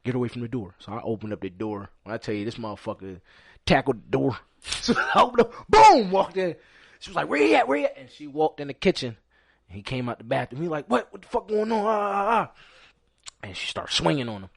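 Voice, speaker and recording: Animated, gravelly-voiced man telling a story. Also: medium pitch, fairly quick. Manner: animated, profane, acts out quotes loudly. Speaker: podcast host. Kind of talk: casual storytelling chat.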